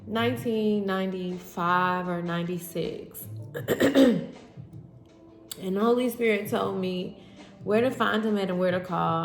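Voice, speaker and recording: A woman reads tarot for her viewers on a phone, her voice emotional and candid, with a gravelly edge. She speaks in an echoey room, and soft music plays faintly behind her. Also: medium pitch. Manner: candid, addresses viewers as y'all. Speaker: tarot reader. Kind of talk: spiritual tarot reading.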